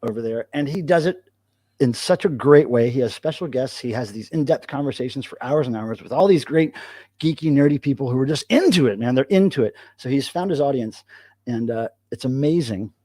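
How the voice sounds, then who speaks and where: An American man hosting a casual live chat, talking in a rambling, animated way. His voice sits at an ordinary middle pitch. The sound is dry and close to the mic. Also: a little fast, no echo. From United States. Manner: rambling, animated, talks to his cat in a soft baby voice. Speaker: livestream host.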